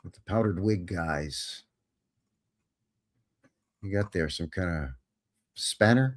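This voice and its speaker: A man with a fairly low voice hosts a live show, talking about photos in a relaxed way. His tone is wry and joking, and he is quick to sound amazed. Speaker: host.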